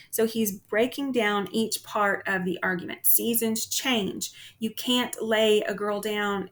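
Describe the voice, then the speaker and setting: A woman's voice: mid-range voice, fairly even intonation, takes it slowly, few pauses, fairly bright tone. A woman teacher giving a casual literature lecture, with frequent "um"s and "okay?" check-ins to the class.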